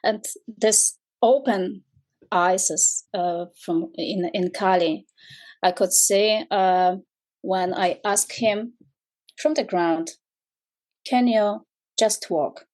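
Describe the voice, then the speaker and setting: Slow, hesitant woman. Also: mid-range voice, darkish tone. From Poland. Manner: hesitant, many fillers. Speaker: guest, equestrian professional.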